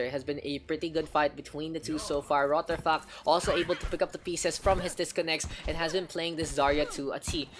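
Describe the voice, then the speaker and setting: A woman giving live play-by-play commentary on an esports match, shifting between excited calls and relaxed banter with her viewers. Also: low-pitched. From Philippines. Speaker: esports caster.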